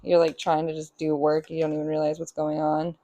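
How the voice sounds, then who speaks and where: A woman with a monotone, brisk, warm voice chats casually while cooking breakfast in her home kitchen on a live stream, with no room sound. She's chatty and now and then calls to her cats in a high, sing-song baby voice.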